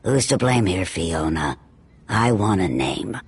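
An actor playing a ruthless crime boss in a game, speaking slowly with cold, clipped threats. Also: male voice, low-pitched, lively intonation, slightly rough, full character voice. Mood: menacing. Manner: slow, threatening, clipped orders.

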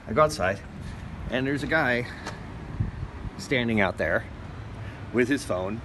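A man's voice: medium pitch, lively intonation, measured pace, pauses often, fairly bright tone, a little hiss or hum. A man vlogging a casual first-person story at home, rambling and plain-spoken with many fillers. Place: his apartment and building, walking around.

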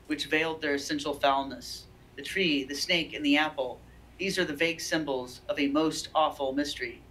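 A woman's voice: low voice, fairly bright tone, a little hiss or hum, poor audio. A woman reading as a haunted frantic man. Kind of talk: dramatic reading aloud.

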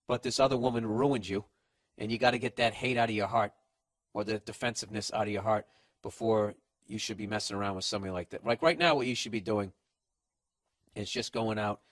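A man's voice: on the low side, a bit bright, no echo. A man hosting a podcast, reading listener letters and giving blunt, profane advice in a casual, ranting monologue.

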